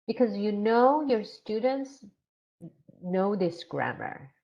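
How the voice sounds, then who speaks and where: A woman runs a grammar teaching workshop at a slow, unhurried pace, often repeating her phrases. She acts out short teacher and student exchanges as examples. The recording sounds dull and lo-fi. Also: fairly low pitch, vocal fry. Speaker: ESL teacher trainer.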